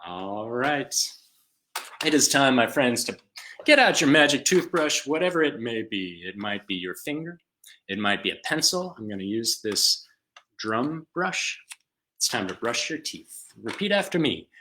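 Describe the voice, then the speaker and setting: A man leading a live online music class for young children at home, chanting and singing in a slow call-and-response style. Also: medium pitch, very animated, pushed and bright, slight background noise. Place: home room.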